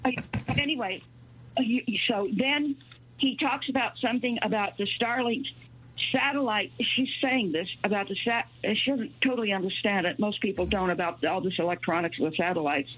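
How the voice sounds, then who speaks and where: A woman calling in to a radio talk show, rambling and halting with many fillers. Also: medium pitch, slightly rough. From New Mexico. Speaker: caller. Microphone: telephone. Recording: tinny phone line.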